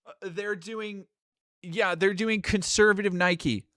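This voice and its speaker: A man's voice: high voice, fairly even intonation, slow pace, fairly bright tone, no echo, studio quality. A man live-streaming casual reaction commentary, sarcastic and exasperated and swearing freely.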